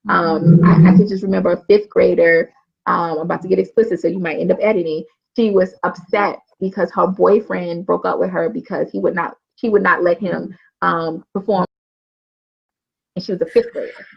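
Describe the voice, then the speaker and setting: Southern social worker, gravelly husky voice, animated storyteller, lo-fi call sound. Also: female voice. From New Orleans, USA. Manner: animated, acts out dialogue with big pitch jumps. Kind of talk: casual storytelling interview.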